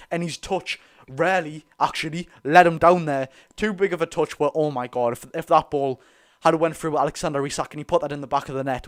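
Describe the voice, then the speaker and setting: A man with a Geordie accent giving excited, rapid live football commentary as host of a fan watch-along, cheering his side on. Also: a little high. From North East England. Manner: talks very fast; animated, cheers players on.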